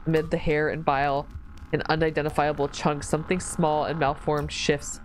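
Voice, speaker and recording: A woman streamer reading a horror visual novel aloud, slow narration broken by squealing, disgusted reactions. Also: deep voice, level tone, poor audio. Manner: reads narration slowly, then breaks into squealing disgusted reactions and laughs. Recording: faint music behind the voice.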